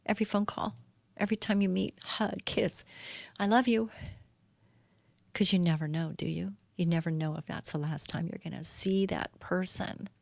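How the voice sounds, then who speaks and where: A woman's voice: medium pitch, vocal fry, dry recording. A middle-aged woman hosting a live stream, giving a heartfelt devotional talk full of rhetorical questions. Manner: heartfelt, earnest, asks many rhetorical questions. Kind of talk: faith-based devotional talk.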